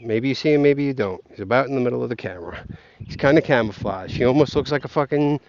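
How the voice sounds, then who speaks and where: A man's voice: medium pitch, quick pace, darkish tone, highs cut off, slight background noise. A man ranting and joking while walking outdoors, profane and rambling, talking straight to his viewers. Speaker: vlogger. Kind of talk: rambling comic rant. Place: outdoors, walking along a path.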